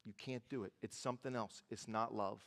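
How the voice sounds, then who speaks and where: A male pastor preaching a sermon in a church, lively and joking, repeating phrases for emphasis. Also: fairly low pitch, fairly quick, gravelly. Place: large church auditorium. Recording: reverberant church hall.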